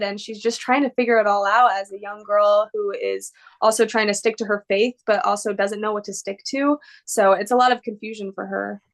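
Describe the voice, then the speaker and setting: A woman with a somewhat high voice talks as an actress guest in an interview. She rambles and gushes, searching for words with plenty of fillers. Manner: rambling, filler-heavy, gushing and upbeat. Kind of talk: casual interview answers.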